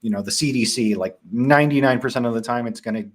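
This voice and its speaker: A young man with a Midwestern accent, casually presenting a live software tutorial with frequent ums and restarts. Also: medium pitch, quick pace. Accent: Midwestern American.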